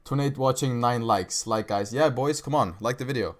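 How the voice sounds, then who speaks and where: Reading viewer questions during his live trading stream, a young man chats in a casual, slangy way, saying "bro" and "right" a lot. He has a mid-range voice and speaks at normal speed.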